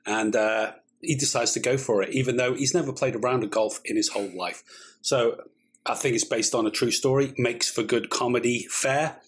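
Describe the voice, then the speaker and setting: A man's voice: medium pitch, steady tone, moderate pace, slight background noise. A man co-hosting a film reaction chat, talking in a jokey, rambling way. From Britain. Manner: chatty, jokey, rambling asides. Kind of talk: casual chat.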